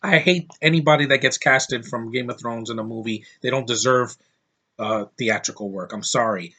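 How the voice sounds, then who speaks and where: A man's voice: medium pitch, normal speed, pushed and bright, slightly rough. A man giving a casual, ranting movie review, blunt and scornful, swearing casually.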